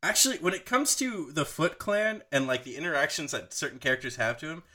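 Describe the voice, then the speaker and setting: A man co-hosting a casual podcast chat, animated and profane, joking with his friends. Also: fairly high pitch, brisk. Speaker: podcast co-host.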